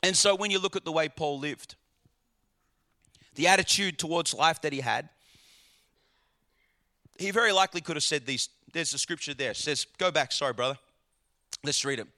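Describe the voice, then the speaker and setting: A man's voice: a little high, normal speed, long pauses, sharp tone. A man preaching a sermon to a congregation, emphatic, throwing out rhetorical questions and repeating his words as he builds a point. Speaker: pastor.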